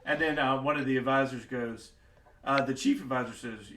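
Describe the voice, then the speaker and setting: A man's voice: mid-range voice, moderate pace, a bit bright, a little hiss or hum. A man narrating as a game master in a casual way, full of fillers and asides. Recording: echoey home setup.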